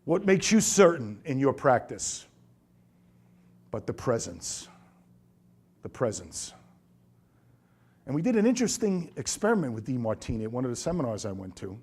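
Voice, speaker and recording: A middle-aged man, a chiropractor, giving a seminar talk to colleagues, telling lively stories and acting out the voices of the people he quotes. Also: mid-range voice, normal speed, long pauses, breathy edge. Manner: lively storyteller who acts out quoted voices.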